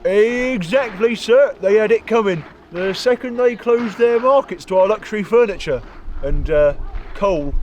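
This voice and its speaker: A deferential young British private, played by a man, hesitant and forever adding "sir". His voice sits high. Faint outdoor noise runs underneath. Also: measured pace, a little mellow, muffled recording. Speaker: comedy sketch actor. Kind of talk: comedy sketch acting.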